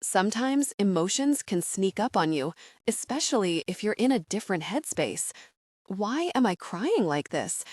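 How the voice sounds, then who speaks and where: A woman narrating a first-person romance audiobook in an intimate, measured reading. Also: mid-range voice, a little mellow, breathy edge, no echo, studio quality.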